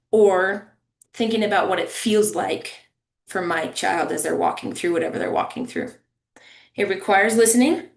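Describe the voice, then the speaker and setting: A woman's voice: medium pitch, roomy sound. A woman presenting a family engagement webinar over a video call, talking in a conversational way and checking in with listeners. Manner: warm, conversational, checks in with "right?" and "okay?".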